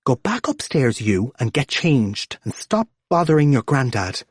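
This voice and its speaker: A man doing a shrill scolding mam. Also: big pitch swings, measured pace, slightly rough, no echo, clean studio sound. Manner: yelling, exasperated. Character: harried Irish mother, scolding and shrill.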